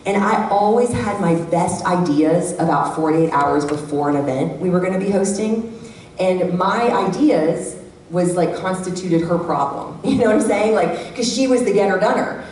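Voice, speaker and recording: A middle-aged woman giving a lively workshop talk to a live audience, acting out the voices she quotes. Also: on the low side, normal speed. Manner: animated, acts out quoted voices. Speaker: workshop speaker. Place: church hall. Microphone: handheld microphone. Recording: echoey hall from far off, faint background hum.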